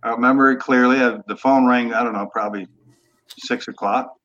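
A man's voice: mid-range voice, fairly even intonation, fairly quick, fairly bright tone. Older guy telling old football stories, easygoing and rambly, kinda muffled lo-fi sound. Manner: laid-back, trailing off, rough language. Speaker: guest, former football quarterback. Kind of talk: casual storytelling interview.

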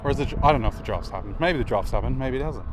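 A man's voice: mid-range voice, expressive, rapid-fire. A young Australian man rambling casually as he rates names, sounding them out and adding self-mocking asides. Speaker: video creator rating player names. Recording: outdoor traffic noise.

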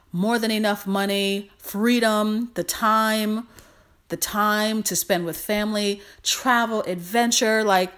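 A woman's voice: medium pitch, a bit bright. A woman hosting a podcast, speaking in an affectionate, encouraging motivational monologue with lots of repetition. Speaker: podcast host.

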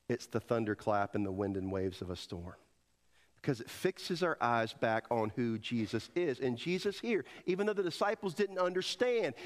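A man preaching a sermon as pastor, swinging between loud emphatic peaks and hushed quoted lines, and leading the congregation to repeat after him. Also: mid-range voice. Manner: leads the congregation in call and response.

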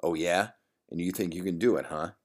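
A foul-mouthed bully picks a fight in a bar, taunting and sneering. A man voices him in his own very deep register, a little louder than his narration. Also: fairly quick.

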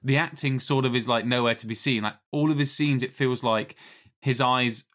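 A man co-hosting a casual film chat, animated and rambling, laughing often. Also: mid-range voice, normal speed. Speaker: podcast co-host.

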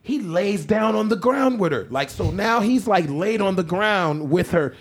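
Young guy on a podcast, kinda high voice, tells a wild story, laughs a lot, does everybody's lines. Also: unhurried, slightly rough. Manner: animated, laughing, acts out quoted lines. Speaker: podcast co-host. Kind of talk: casual storytelling chat.

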